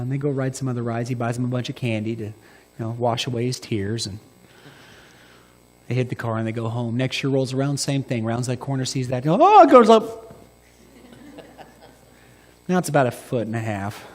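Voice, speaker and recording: Animated male preacher in an echoey church. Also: mid-range voice, moderate pace, long pauses. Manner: animated storytelling, swinging from loud emphasis to hushed. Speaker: pastor. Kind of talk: sermon.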